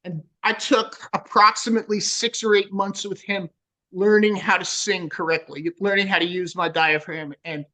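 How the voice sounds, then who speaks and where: A man's voice: high-pitched, normal speed, poor audio. A man in his sixties with a New Jersey accent, a metal singer telling swearing-filled stories in a casual interview. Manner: profane, storytelling, animated.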